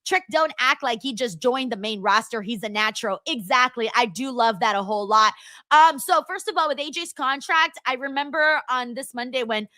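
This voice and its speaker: Bright, high-pitched bubbly young woman. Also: moderate pace, dry recording. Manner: bubbly, giggly, repeats words for emphasis. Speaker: livestream host reading chat. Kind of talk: casual reaction chat.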